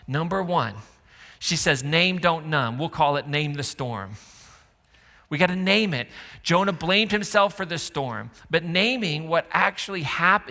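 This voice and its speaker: A man's voice: on the high side, sharp tone. A man preaching a sermon, conversational and joking with the congregation. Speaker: pastor. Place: church auditorium. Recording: church hall reverb with faint music.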